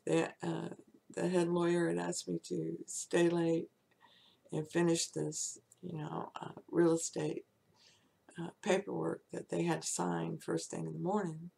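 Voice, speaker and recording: A woman's voice: on the low side, level tone, a little slow, creaky, mellow, slight background noise. A woman in her sixties telling a frank story from her own life, laughing often as she goes. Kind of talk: casual personal storytelling.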